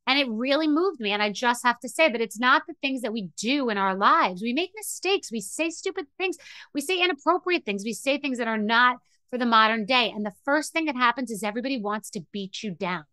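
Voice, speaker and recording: Bright-voiced, emotional middle-aged woman. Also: on the high side, fairly quick, few pauses, dry recording. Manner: emotional, rambling storytelling with restarts. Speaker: podcast host. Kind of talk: candid monologue.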